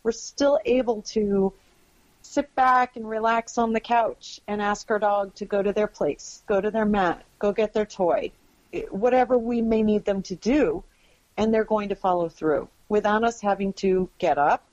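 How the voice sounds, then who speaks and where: A woman's voice: mid-range voice, measured pace, darkish tone. Earnest woman explaining, dull lo-fi sound. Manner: earnest, emphatic explaining with check-in questions. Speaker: guest expert on dogs and families. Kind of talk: podcast interview. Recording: dull lo-fi audio.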